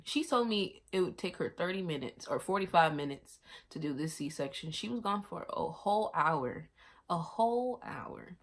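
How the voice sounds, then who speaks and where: A young woman vlogger telling a long personal story in a casual, animated way, acting out other people's lines in a raised voice. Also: on the low side. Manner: animated, acts out the nurses' and her own lines in raised voices, laughs often.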